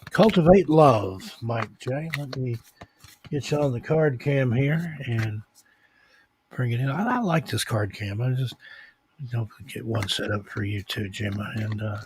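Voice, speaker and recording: A man's voice: mid-range voice, a little slow. Man, card-reading co-host, mischievous banter, faint background hiss. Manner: mischievous, joking.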